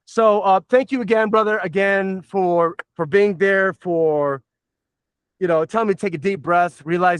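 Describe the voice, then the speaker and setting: Podcast host, middle-aged man, high voice, dry close sound, rambling and profane. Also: steady tone, normal speed, clear, resonant tone, no echo. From Southern United States. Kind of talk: casual podcast chat.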